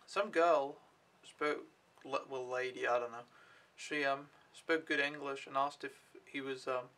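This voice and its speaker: A man's voice: mid-range voice, steady tone, measured pace, fairly bright tone. A young man telling his day in a casual vlog, rambling and offhand, swearing freely. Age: young adult. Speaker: au pair vlogger.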